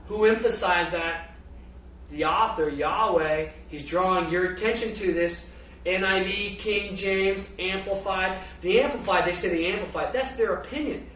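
A man preaching a sermon, animated and laughing, throwing rhetorical questions at his congregation. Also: high voice, slight background noise. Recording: roomy, dull, distant from the mic.

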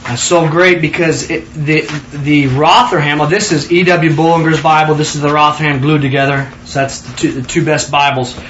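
A man leading a Bible study, excitable and emphatic, prompting his listeners to answer and repeat after him. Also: on the high side, moderate pace, few pauses, echoey room, dull audio, slight background noise. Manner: excitable, emphatic, calls for responses.

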